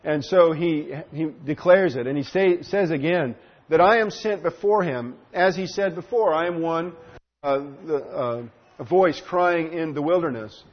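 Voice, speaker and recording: A man teaching through a Bible passage in an earnest, explanatory way, often pausing with fillers and restarting his sentences. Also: fairly high pitch. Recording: dull lo-fi recording.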